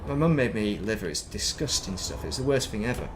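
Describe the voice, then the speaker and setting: A man's voice: on the low side, lively intonation, fast talker, a little hiss or hum. A middle-aged man from England, chatting casually and rambling while streaming a space game, self-mocking and chatty. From northern England.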